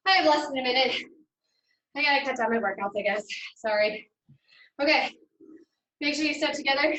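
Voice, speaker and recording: A woman's voice: high voice, a little fast, fairly bright tone, muffled recording, a little hiss or hum. A woman fitness trainer leading a live home workout, upbeat and counting reps, often out of breath. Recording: echoey room, far from mic.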